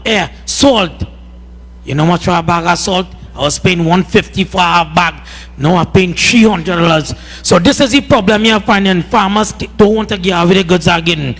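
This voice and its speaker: A man's voice: high voice, a bit bright. A man with a Trinidadian accent, a farmer giving a heated speech at a community meeting and repeating "boy" often. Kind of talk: impassioned public address. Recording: reverberant hall.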